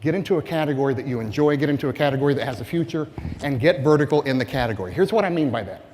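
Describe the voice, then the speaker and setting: A man giving a conference keynote speech to sales staff, animated and rhetorical, often asking the audience questions. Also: mid-range voice, very fast, slight background noise. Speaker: keynote speaker. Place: conference hall. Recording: long reverb of a large hall.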